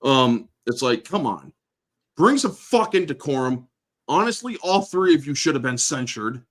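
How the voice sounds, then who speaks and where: A man's voice: medium pitch, sing-song, moderate pace. A male host delivering a blunt, sarcastic political rant full of swearing.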